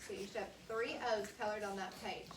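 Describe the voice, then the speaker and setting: A woman teacher leading a classroom phonics lesson, slowly sounding out words for young students. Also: mid-range voice, fairly even intonation. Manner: slow, deliberate sounding out of words. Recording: roomy classroom audio from a distance with noise.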